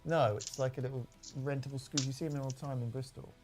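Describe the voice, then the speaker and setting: A man's voice: mid-range voice, steady tone, music in the background. Guy on a podcast, chatty and sweary, reading out stories. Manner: chatty, swearing freely, quick asides. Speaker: podcast co-host. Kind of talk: casual chat, reading listener stories.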